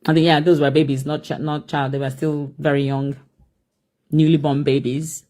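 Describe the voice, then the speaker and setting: Measured woman telling a story. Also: sits low, little pitch movement, warm tone. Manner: measured, hesitant, with many ums while retelling a story. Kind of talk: storytelling commentary.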